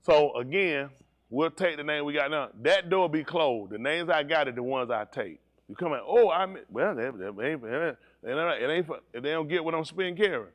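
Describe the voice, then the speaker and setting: A male pastor preaching a sermon, swinging between low, steady teaching and high, shouted preaching, teasing members of his congregation. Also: normal speed, no room sound.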